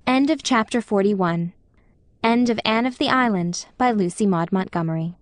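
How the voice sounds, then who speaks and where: In scripted narration of a classic novel, a female audiobook narrator tells the story in a soft, steady manner. Her voice is mid-range, and the studio-quality recording has no room sound.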